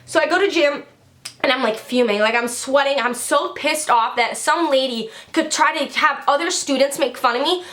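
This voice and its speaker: A teenage girl vlogger telling a storytime rant, animated, heated and full of profanity. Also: sits high, normal speed. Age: teens.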